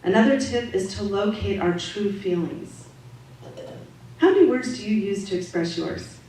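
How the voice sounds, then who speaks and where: A woman giving a calm, measured, gently instructive Sunday talk to a congregation, as a spiritual practitioner. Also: medium pitch. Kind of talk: sermon-style talk to a congregation. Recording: echoey hall audio from far off, faint noise.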